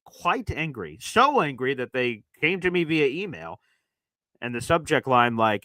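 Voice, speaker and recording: A man's voice: mid-range voice, big pitch swings, moderate pace, no echo, poor audio. A man hosting a casual live sports stream, reading super chats aloud in a loose, chatty way with lots of fillers. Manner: loose, chatty, many fillers, shifts from loud to muttering. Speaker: sports podcast host.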